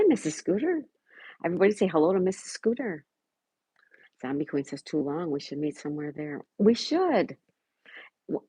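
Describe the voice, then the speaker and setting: Woman, middle-aged, live-stream host, chatty and affectionate, dry close sound, husky tone. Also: lowish voice, darkish tone, dry recording, low-quality recording. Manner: chatty, greets viewers by name, affectionate. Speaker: livestream host reading chat. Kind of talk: casual live-stream chat.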